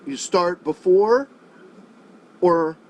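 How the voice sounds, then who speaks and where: Speaking extremely slowly in a high voice, a music teacher runs an online songwriting lesson via video call. He keeps it casual, cursing freely and repeatedly confirming his student follows along, on a low-quality recording.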